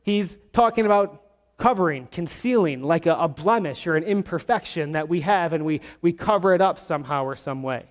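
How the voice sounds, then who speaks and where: A pastor with a high, expressive voice preaches a sermon to his congregation, working through the text verse by verse and slowing down to stress key words. A long reverb rings through the church sanctuary.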